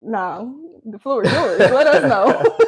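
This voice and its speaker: A woman's voice: high-pitched, lively intonation, drawn-out words, husky. A woman hosting an interview, upbeat and bubbly, laughing often. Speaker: host. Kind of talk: casual interview chat.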